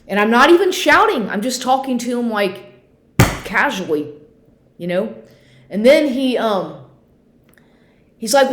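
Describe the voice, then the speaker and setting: A woman's voice: on the low side, normal speed. A woman telling a story in a casual monologue, rambling, swearing often and sounding exasperated. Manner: profane, rambling, exasperated retelling. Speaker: vlogger. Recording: roomy echo.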